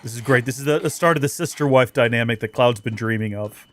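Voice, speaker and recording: A man's voice: mid-range voice, quick pace. A man giving casual let's play commentary on a game, full of wry, joking asides.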